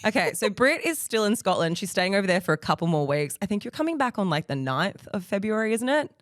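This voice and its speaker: A woman's voice: medium pitch, big pitch swings, fast, no echo, clean studio sound. A woman co-hosting a podcast in casual chat, chatty and self-mocking. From Australia. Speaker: podcast co-host.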